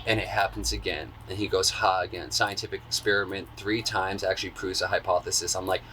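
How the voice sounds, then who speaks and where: A man's voice: low voice, fast, a little hiss or hum. A man telling a long personal story in a casual, slangy way, acting out what people said in a raised voice. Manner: animated, acts out quotes in a raised voice; laid-back, slangy. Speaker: interview guest.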